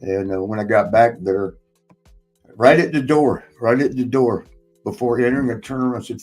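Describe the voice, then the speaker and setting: A man's voice: mid-range voice, moderate pace, darkish tone, soft background music, poor audio. A man hosting a casual chat, telling a long personal story in a rambling way, swearing often and laughing between lines. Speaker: podcast host and former wrestler.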